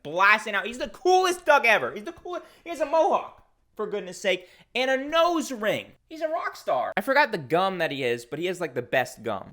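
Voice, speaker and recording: Animated, excitable male vlogger. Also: medium pitch. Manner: excitable, jokey, laughs often, rambling asides. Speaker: video host ranking food mascots. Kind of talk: casual commentary.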